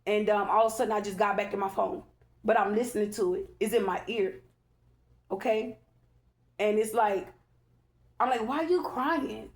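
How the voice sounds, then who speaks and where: A woman talks through a tarot reading in a loose, preachy way. She repeats herself for emphasis and keeps checking in with "okay?". Her voice sits at an ordinary middle pitch. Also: little pitch movement, moderate pace, long pauses. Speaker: tarot reader. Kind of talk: casual spiritual tarot reading.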